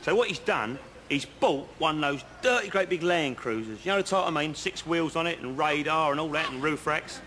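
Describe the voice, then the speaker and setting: A yarn-spinning decorator, slightly high voice, noisy outdoor sketch audio. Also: male voice, animated, brisk, bright, forceful tone. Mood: chatty. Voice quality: chatty, earnest storyteller, leading asides. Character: rambling working-class male painter spinning pointless yarns. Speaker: house painter. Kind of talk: comedy sketch acting. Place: outdoors on a bridge.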